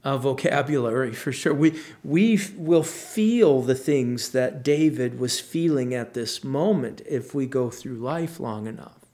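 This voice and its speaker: A man speaking as a pastor, giving a conversational, earnest Bible teaching with frequent restarts and soft asides. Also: medium pitch, a little slow, few pauses.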